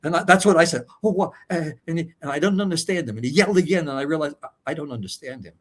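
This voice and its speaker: Husky older man telling a wild story. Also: a little high, lively intonation, rapid-fire. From United States. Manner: vivid, profane, acts out voices. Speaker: guest. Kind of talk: storytelling interview.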